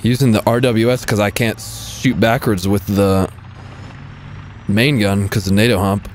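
A man giving live gameplay commentary as a streamer, excitable, swearing freely and mocking himself. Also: lowish voice, a little slow, a little hiss or hum. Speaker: gaming streamer.

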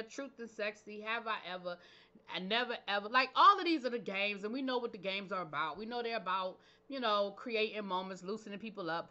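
A woman's voice: mid-range voice, bright, forceful tone, highs cut off. A woman hosting her own channel, recapping a reality show episode in a casual, opinionated way with slangy asides. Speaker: TV show reviewer, channel host.

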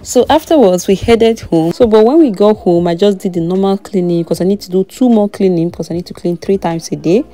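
A woman's voice: mid-range voice, brisk, few pauses, warm tone. A young adult woman chatting casually in a voice-over about her baby's ear piercing, breaking into small laughs.

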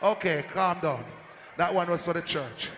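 A man with a Jamaican accent hyping a live dance as sound system selector, shouting and joking with the crowd over a handheld mic. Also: on the high side, normal speed. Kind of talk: live hype talk at a dance. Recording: echoey hall, faint crowd noise.

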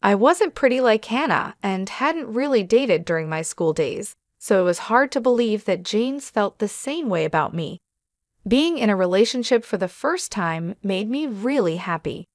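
In a dry, close recording with no room sound, a woman reads a scripted story told in the first person. Her pitch is middle-range and her pace stays steady and measured.

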